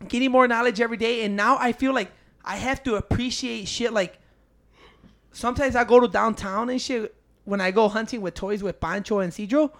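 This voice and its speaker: A man's voice: very high-pitched, brisk, fairly bright tone. Young man, loose profane chatter. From Chicago. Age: young adult. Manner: loose, profane, says "dude" and "bro" a lot. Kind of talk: casual chat.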